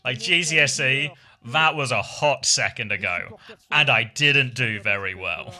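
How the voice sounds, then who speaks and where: Bright-voiced English streamer man. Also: mid-range voice, measured pace. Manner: chatty, self-deprecating, reads out chat. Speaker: esports streamer and caster. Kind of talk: casual stream chat and play-by-play commentary.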